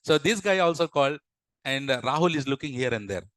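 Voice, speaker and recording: A man's voice: medium pitch, expressive, fairly quick, a bit bright, no echo, low-quality recording. A young man teaching a live online class, asking the students questions and acting out little dialogues to explain ideas. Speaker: instructor.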